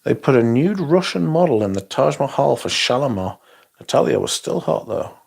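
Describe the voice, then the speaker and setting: A man's voice: mid-range voice, very animated, moderate pace, creaky, a little mellow, breathy edge. A sleepy man hosting a casual livestream, reading viewer comments aloud and answering them. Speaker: livestream host.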